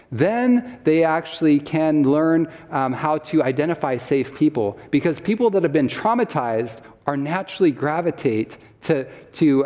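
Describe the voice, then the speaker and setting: A man with a fairly high voice lectures to a live crowd. He quizzes the audience and laughs along with them. His voice rings with long reverb from a church hall. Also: a little mellow, dull audio. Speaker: health summit speaker.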